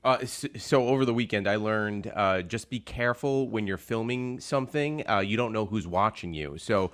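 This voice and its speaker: A man's voice: fairly low pitch, moderate pace, fairly bright tone. A man co-hosting a radio morning show, telling a rambling anecdote with many restarts. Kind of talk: casual radio banter. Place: radio studio.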